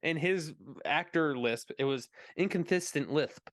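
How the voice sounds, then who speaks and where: Guy co-hosting a movie stream, hesitant and full of fillers, kinda high voice, dry. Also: measured pace, a bit bright, dry recording. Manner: hesitant, lots of fillers and restarts, laughs easily. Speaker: podcast co-host. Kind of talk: casual movie discussion.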